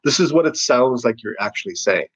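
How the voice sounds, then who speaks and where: Husky, sarcastic man rambling casually. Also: medium pitch, expressive, brisk, a bit bright, lo-fi sound. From Canada. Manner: sarcastic, rambling with many restarts. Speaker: satirical news writer. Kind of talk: casual interview conversation.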